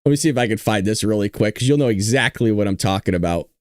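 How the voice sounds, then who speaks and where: Animated joking male show host. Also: lowish voice, fast talker, no echo, studio quality. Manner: joking, teasing the chat. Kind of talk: casual political chat show.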